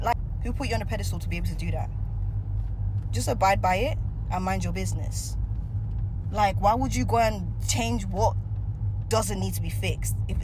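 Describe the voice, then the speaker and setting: A woman's voice: mid-range voice, background noise. A woman ranting in a reaction video, sassy, scolding and sarcastic.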